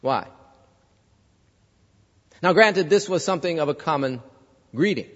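A man's voice: a little high, animated, unhurried, fairly bright tone, in a large hall, dull audio. A male pastor preaching a sermon, conversational, telling a story and asking the congregation questions. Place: church.

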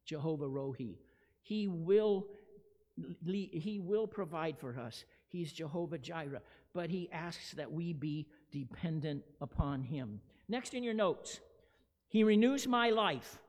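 A male pastor preaching a sermon, earnest, moving from loud intense emphasis to hushed prayer. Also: a little high. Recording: hall reverb.

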